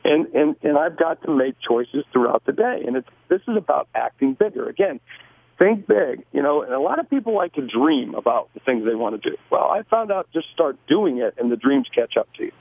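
A man's voice: mid-range voice, big pitch swings, a little fast, gravelly, no room sound. An American man, a guest author and business owner, talking brashly in a casual interview and often repeating words as he starts a sentence. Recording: tinny dry phone line.

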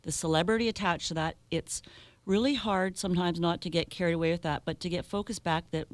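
A woman's voice: fairly low pitch, steady tone, brisk, no room sound. A woman hosting a radio interview, asking guided questions and affirming her guest. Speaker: radio host.

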